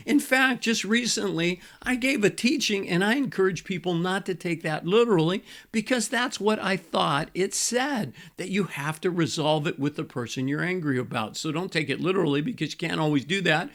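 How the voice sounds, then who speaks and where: A man's voice: sits high, lively intonation, normal speed, hardly any pauses, a bit bright. An older man, a pastor and marriage coach, teaching couples in a conversational way, repeating key points with frequent fillers. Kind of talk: teaching to camera.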